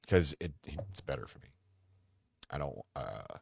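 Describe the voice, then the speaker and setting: A man's voice: very deep voice, sing-song, measured pace, gravelly, pauses often, husky, no echo. A man hosting a podcast, chatting casually on his own in a rambling, self-interrupting way with dry humor. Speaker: podcast host. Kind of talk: casual solo chat.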